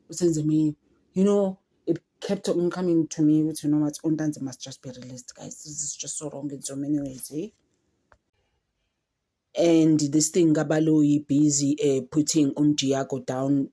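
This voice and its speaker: A woman's voice: low voice, warm tone. A woman giving emotional, chatty commentary to her viewers, often addressing them directly. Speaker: commentary vlogger. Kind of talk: casual commentary.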